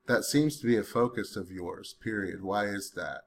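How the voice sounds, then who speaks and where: With slight noise in the background, a man in a creaky, lowish voice dictates at normal speed to a voice assistant. Claiming a weird accent, he speaks punctuation out loud, questions and teases the bot, and gets more and more annoyed until he swears.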